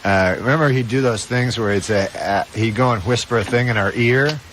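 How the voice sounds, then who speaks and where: Deadpan male comedian guest. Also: mid-range voice, brisk, a little hiss or hum, rough recording. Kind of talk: casual interview chat.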